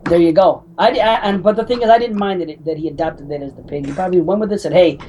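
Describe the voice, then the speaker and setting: Female podcast co-host, low-pitched, rapid and profane. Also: warm tone, a little hiss or hum, low-quality recording. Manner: fast, swearing, loose chatter. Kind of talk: casual chat.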